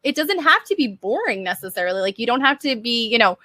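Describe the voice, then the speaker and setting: A woman's voice: fairly high pitch, sing-song, fast, bright, forceful tone, no room sound. A young woman teaching design on a casual live stream, chatty and upbeat, answering viewer questions with lots of "um" and "like".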